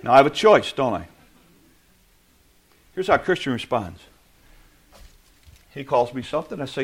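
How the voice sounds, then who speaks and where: A man preaching a sermon, playful and animated, acting out little scenes with the audience. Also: mid-range voice, normal speed, long pauses, a little hiss or hum. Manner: animated, playful, acts out quotes. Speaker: pastor.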